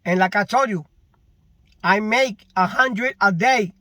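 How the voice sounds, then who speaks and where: A man with a very high, bright voice rants slowly about his work in a casual vlog. He is frustrated and repeats his points for emphasis. The recording is dry and close. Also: no echo. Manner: frustrated, repetitive, emphatic complaining. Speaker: delivery driver.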